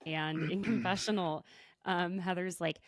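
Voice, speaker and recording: A woman hosting a podcast, recapping a show in a chatty, animated way full of quick asides. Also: fairly low pitch, no echo, clean studio sound. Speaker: podcast host. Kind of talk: casual recap chat. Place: podcast recording.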